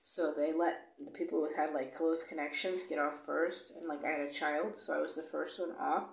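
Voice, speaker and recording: Low gravelly woman in an echoey room. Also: fairly even intonation, normal speed. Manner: blunt, swears freely, lots of "like" and "you know"; acts out dialogue when retelling. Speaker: vlogger. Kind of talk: casual travel storytelling.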